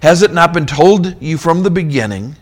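A man preaching a sermon on scripture, emphatic, rising to near-shouts and dropping low. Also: expressive, normal speed. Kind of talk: expository sermon.

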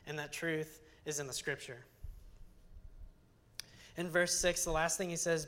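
An earnest young adult teaching scripture in a relaxed, conversational sermon. The voice sits mid-pitch and comes across chatty, often circling back with restarts and casual fillers as the points build. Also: measured pace, pauses often. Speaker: Bible teacher.

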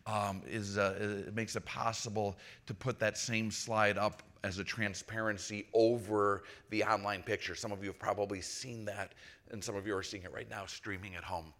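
Bright-voiced male pastor telling a story. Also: on the low side, level tone, normal speed. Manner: conversational storytelling, frequent restarts. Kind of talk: sermon.

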